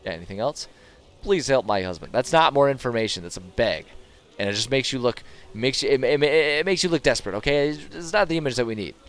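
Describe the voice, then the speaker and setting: A man's voice: mid-range voice, expressive, fast talker, a bit bright. A man streaming a video game, commenting casually with sarcastic jokes at the characters. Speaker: gaming streamer.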